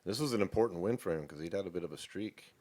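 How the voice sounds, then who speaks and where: A man's voice: low-pitched, fast, darkish tone. A man co-hosting a sports podcast, talking in a laid-back, chatty way and swearing freely. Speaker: podcast co-host. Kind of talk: casual chat.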